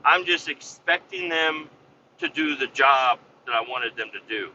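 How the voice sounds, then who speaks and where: A man's voice: medium pitch, lively intonation, a little slow, lo-fi sound, slight background noise. A man casually telling a heated story, swearing a lot and getting worked up as he goes. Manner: heated, swears a lot, re-enacts his own yelling. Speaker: podcast host and business owner.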